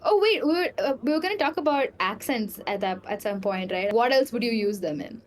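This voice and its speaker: A young woman guest chats in an easy, teasing way, her voice lifting and laughing often. Her voice sits a little high. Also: animated, brisk. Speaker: podcast guest. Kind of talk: casual chat.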